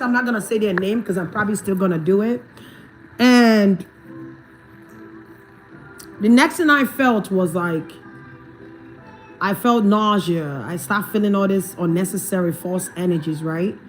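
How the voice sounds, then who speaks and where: A woman's voice: mid-range voice, a little slow, long pauses, soft background music. A woman from Africa talking casually on a livestream as a spiritual reader. She repeats her points emphatically, asks listeners whether they understand, and laughs often.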